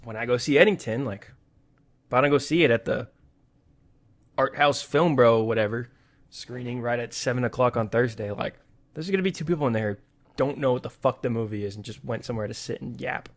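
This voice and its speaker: A young man with a Texan accent, co-hosting a movie podcast in a laid-back, joking way, often trailing off into a quieter voice. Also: mid-range voice, a little fast. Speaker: podcast co-host. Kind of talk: casual chat.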